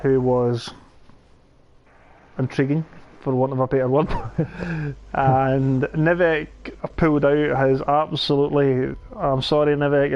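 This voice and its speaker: A young man, telling animated stories and laughing in a casual gaming chat. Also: mid-range voice, dull audio. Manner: animated storyteller, laughs mid-sentence, says "aye". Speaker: podcast co-host.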